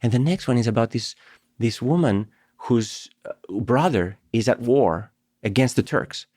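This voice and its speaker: A man's voice: mid-range voice, a little slow, a little mellow, no room sound, studio quality. A middle-aged man from Greece, a professor guest on a podcast, telling stories animatedly, laughing often and repeating words as he starts. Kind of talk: conversational podcast interview.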